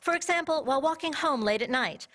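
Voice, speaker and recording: Chatty woman pitching a product. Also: expressive, fast talker, a bit bright. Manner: chatty, personal, addresses the audience directly. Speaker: infomercial presenter. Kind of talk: scripted sales demonstration.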